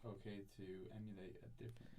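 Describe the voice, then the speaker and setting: A man's voice: on the low side, flat delivery, quick pace, dark tone, low-quality recording. A man co-hosting a podcast, chatting casually and hesitantly as he thinks aloud. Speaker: podcast co-host. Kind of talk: casual chat.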